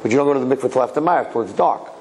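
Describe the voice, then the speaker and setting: A rabbi telling a religious story to listeners in a conversational way, asking rhetorical questions and repeating phrases. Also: male voice, medium pitch, very fast, darkish tone, a little hiss or hum, poor audio. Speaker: rabbi giving a Torah talk.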